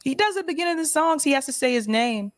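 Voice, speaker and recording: A woman co-hosting a casual podcast chat, giggly and quick with her interjections. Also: sits high, animated. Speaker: podcast co-host.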